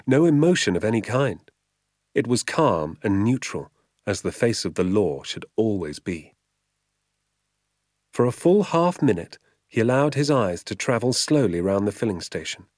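A man reading a children's novel aloud as an audiobook, with measured, vivid storytelling. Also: fairly low pitch, dry recording, studio quality. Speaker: audiobook reader. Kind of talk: audiobook narration.

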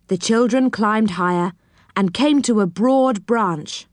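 A woman narrating a children's storybook in a gentle, expressive manner. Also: mid-range voice, slow pace, no room sound, studio quality.

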